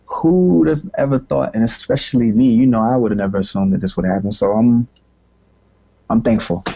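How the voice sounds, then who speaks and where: A man's voice: medium pitch, fairly quick, gravelly, dark tone, slightly rough, muffled recording. A man giving a recorded interview, talking reflectively in a rambling way with many restarts. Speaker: interviewed musician.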